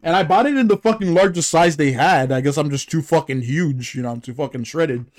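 On a laid-back podcast, a young male co-host complains at length about his week, full of profanity and false starts. He speaks a little fast in a voice on the high side.

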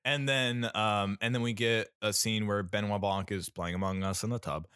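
A man co-hosts a podcast, casually reviewing a film in a rambling way full of fillers and restarts, and he laughs often. His voice is on the low side, clear and resonant with a fairly bright tone, fairly even intonation, and normal speed. The recording is clean studio sound with no echo.

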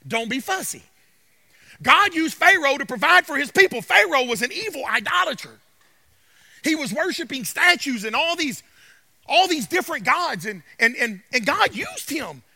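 Pastor, male, very high bright voice, emphatic and repetitive, dry sound. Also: sing-song, normal speed, gravelly, no echo. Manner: emphatic, repetitive, calls out "Amen?". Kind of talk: sermon.

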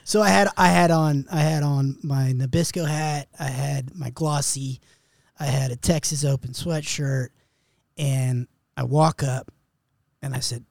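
A man with a fairly high voice tells a folksy, wry story on a podcast. The sound is dry and close to the mic. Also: fairly even intonation, measured pace, gravelly, a little mellow, no room sound.

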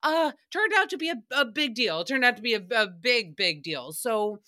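Bright-voiced chatty woman. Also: on the high side, big pitch swings, moderate pace. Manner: chatty, tangent-prone, profane. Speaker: podcast host. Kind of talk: casual recap chat.

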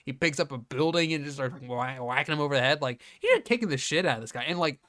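Male podcast host, slightly high voice, swearing, animated plot recap. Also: fast, no echo, studio quality. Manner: profane, animated scene-by-scene retelling. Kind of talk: casual podcast chat.

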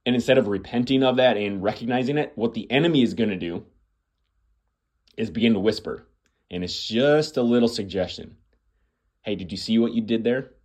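A lowish, darkish-toned man hosts a podcast, preaching earnestly in monologue form. He repeats phrases for emphasis and keeps calling the listener "my friend."

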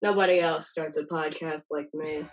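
A young woman hosts a podcast with a nasal voice that sits a little low for her. She talks in loose, rambling, self-deprecating chat. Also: steady tone, moderate pace, poor audio. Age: young adult. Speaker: podcast host. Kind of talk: casual chat.

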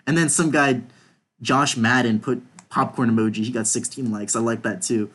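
A man's voice: mid-range voice, steady tone, normal speed, a bit bright. A young man chats casually on a podcast, reading group chat messages aloud. His talk is loose and offhand, with casual swearing mixed in. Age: young adult. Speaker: podcast host.

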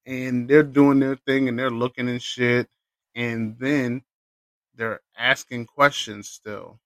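A man hosting a solo podcast, telling a personal story in a casual, profane and animated way. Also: mid-range voice, slow pace, no echo. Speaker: podcast host.

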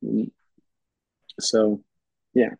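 A man's voice: on the low side, monotone, drawn-out words, gravelly, a little mellow, slightly rough, no echo. Rambling man, dull muffled sound. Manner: rambling, restarts phrases often. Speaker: podcast guest. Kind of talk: casual storytelling chat.

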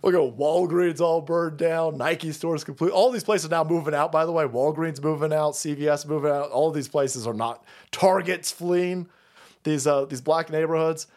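A man from the San Francisco Bay Area ranting profanely as a streamer, mocking and swinging between muttering and yelling. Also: on the high side, steady tone, normal speed. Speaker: streamer and political commentator. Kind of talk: profane political rant.

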